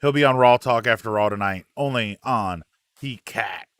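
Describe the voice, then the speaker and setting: A man hosting a relaxed live wrestling chat, reading out viewer comments with plenty of ums and uhs. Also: on the low side, moderate pace, no room sound, studio quality.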